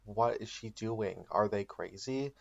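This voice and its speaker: A man's voice: on the low side, a little slow, gravelly, highs cut off. A man doing a jumpy anxious young sidekick.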